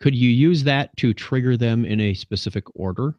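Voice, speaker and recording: A man's voice: mid-range voice, normal speed, a little mellow, no room sound, muffled recording. A man co-hosting a tech webinar over a web call, asking follow-up questions and checking that he has understood. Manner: inquisitive, checks his understanding. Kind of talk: webinar discussion.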